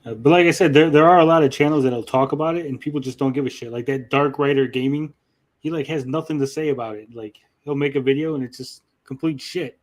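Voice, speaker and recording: A man's voice: mid-range voice, fast. Male streamer host, mid-range voice, casual and profane. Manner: blunt, swears freely. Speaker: host of a gaming livestream. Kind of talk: casual livestream chat.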